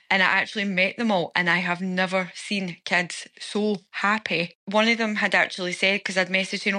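Bright-voiced Scottish woman telling a story. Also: fairly low pitch, a little fast. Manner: chatty, animated storytelling. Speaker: interviewee. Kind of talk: casual recounting.

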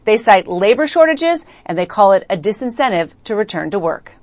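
A woman correspondent delivering a scripted news report in a steady, measured way. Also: mid-range voice, background noise.

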